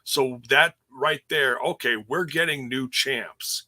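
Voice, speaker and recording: A man's voice: medium pitch, slow pace, pushed and bright. A man co-hosting a podcast, recapping in easygoing casual chat with lots of fillers. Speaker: podcast co-host. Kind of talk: casual chat reviewing wrestling shows.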